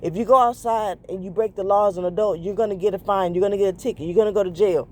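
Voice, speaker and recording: A woman's voice: mid-range voice, steady tone, quick pace, a little hiss or hum. A woman hosting a podcast in a casual confessional monologue, rambling and correcting herself with lots of fillers. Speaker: podcast host.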